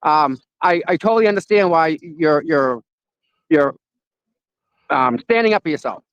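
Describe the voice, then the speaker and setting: A man asking questions in a casual chat, halting and supportive. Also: a little high, lively intonation, fairly bright tone, clean tone, no room sound, lo-fi sound. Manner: halting, supportive, restarts often. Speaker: interviewer.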